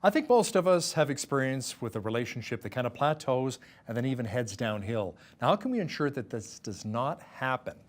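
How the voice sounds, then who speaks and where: Brisk male news anchor. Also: medium pitch, big pitch swings. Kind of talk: news interview hosting.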